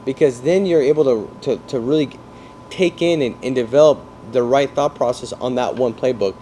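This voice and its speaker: A man coaching salespeople in an energetic talk, explaining through football comparisons and often checking that his listeners follow. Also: mid-range voice, moderate pace, a little hiss or hum. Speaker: sales trainer.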